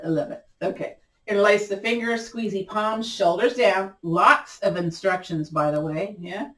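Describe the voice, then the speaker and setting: A woman teaching a gentle yoga class, giving encouraging, chatty cues and repeating them often, her voice cracking a little. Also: medium pitch, moderate pace, roomy sound, recorded from a distance. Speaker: yoga instructor. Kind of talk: guided yoga class instruction.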